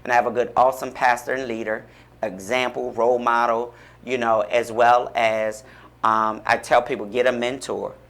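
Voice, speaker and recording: A man's voice: mid-range voice, flat delivery, moderate pace, vocal fry, a bit bright. Radio guest: a man with a mid-range voice, talking in an inspirational, preacherly way. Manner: fervent and encouraging, preacherly. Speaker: guest, author and pastor-like speaker. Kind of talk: radio interview, inspirational talk. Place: radio studio.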